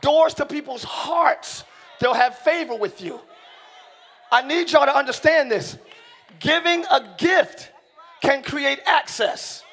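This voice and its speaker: A middle-aged man preaching a sermon in a church, shouting key lines and slowing down for emphasis while joking with the congregation. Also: very high-pitched, lively intonation, some chatter behind. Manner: joking, talks directly to the congregation. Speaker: pastor. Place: church sanctuary.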